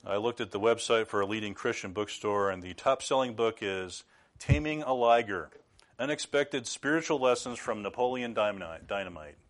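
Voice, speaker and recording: A middle-aged man preaching a sermon in an earnest, measured way, now and then rising to loud bursts. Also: lowish voice.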